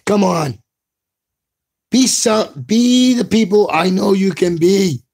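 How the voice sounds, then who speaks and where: A man's voice: sits high, lively intonation, slow pace, darkish tone, breathy edge. A man delivering an impassioned, profane video rant as a commentator. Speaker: political commentator.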